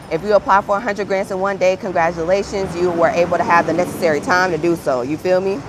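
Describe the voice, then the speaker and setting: Chatty woman doing a livestream, upbeat and encouraging, mid pitch. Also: background noise. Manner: upbeat, encouraging, chatty, calls viewers "friend". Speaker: livestream host and grant writer. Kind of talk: casual livestream chat.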